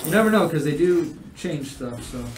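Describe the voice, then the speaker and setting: A man's voice: fairly high pitch, expressive, moderate pace, far from the mic, a little hiss or hum. A man running a tabletop game as game master, calling out turns and rolls with many filler words. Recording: roomy sound from off mic with faint music.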